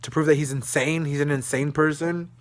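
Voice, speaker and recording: A young vlogger from Dallas, Texas, rants in an emotional video diary from his room, agitated and swearing, his venting trailing off into a low murmur. His voice is steady in tone and brisk.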